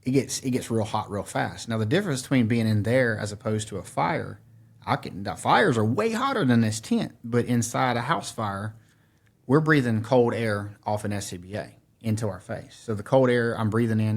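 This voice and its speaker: A man's voice: fairly low pitch, expressive, fairly quick. A middle-aged man, a podcast guest telling a story in casual conversation and acting out his own quotes. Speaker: podcast guest, former firefighter.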